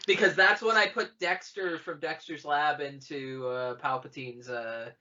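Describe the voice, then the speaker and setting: Bright voice, thirties, podcast co-host, rambling, profane jokes, dull lo-fi audio. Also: mid-range voice, fairly even intonation, measured pace, a little hiss or hum. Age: 30s. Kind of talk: casual chat.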